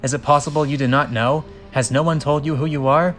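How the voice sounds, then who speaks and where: A man's voice: on the high side, fairly even intonation, fairly quick, a bit bright, soft background music, close to an everyday voice. A man voicing a solemn, formal cheetah warrior.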